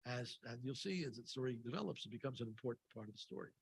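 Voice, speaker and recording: This man's sermon at a synagogue service comes very fast and expressive, in a gravelly medium-pitched voice, as he retells a scripture story for a Shabbat Torah talk. He wanders into wry asides and fillers, and the audio is poor with slight background noise.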